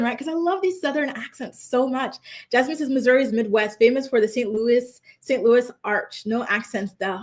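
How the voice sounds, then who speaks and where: A young woman hosting a casual pop culture chat, reading viewer comments aloud and rambling through animated asides. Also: fairly high pitch, moderate pace.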